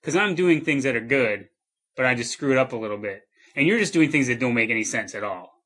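Deadpan riffing man in a comedy chat. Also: medium pitch, quick pace. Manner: deadpan absurd riffing, laughs easily.

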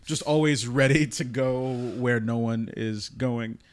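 A man, an improv performer and activist, answering candidly in a halting way with many ums, mumbling a bit. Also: mid-range voice, background noise. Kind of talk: casual interview chat.

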